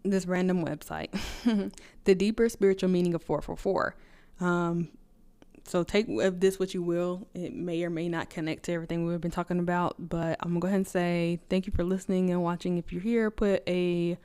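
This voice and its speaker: A woman vlogger chatting casually to camera, talking fast and rambling, laughing often, energized on caffeine. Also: on the low side, steady tone, mellow, clear, resonant tone.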